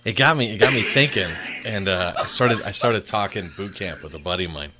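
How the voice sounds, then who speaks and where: A man co-hosting a casual podcast chat, an animated storyteller who laughs often. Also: on the low side, brisk, very noisy. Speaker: podcast co-host.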